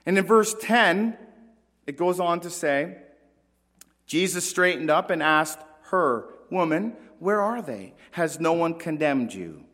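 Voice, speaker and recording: Guy preaching a sermon, slightly high voice, earnest and dramatic, big echoey church. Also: expressive, a bit bright. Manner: earnest preaching with dramatic pauses and rising emphasis. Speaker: pastor. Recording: long reverb of a large hall.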